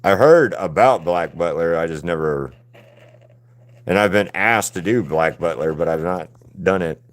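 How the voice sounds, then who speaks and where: A man's voice: deep voice, unhurried. A man chatting casually with viewers while he paints on a live stream, rambling and laid-back and swearing freely. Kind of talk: casual livestream chat with viewers.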